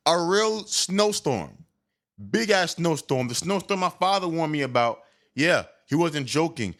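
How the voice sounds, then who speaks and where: Candid and animated, a young man tells a comic story about an awkward episode from his past, often stammering and restarting mid-sentence. His medium-pitched voice has a bright, forward edge.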